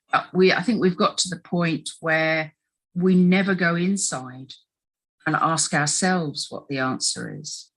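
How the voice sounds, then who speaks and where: A middle-aged woman, talking casually as a health coach in an interview, animated and putting on little voices as she quotes. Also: fairly low pitch, takes it slowly, creaky, slightly rough, poor audio.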